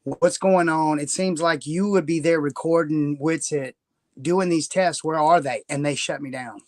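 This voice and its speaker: A man's voice: a little high, a little slow, no room sound, clean studio sound. A man joining a casual live-stream chat, earnestly complaining that he has been silenced.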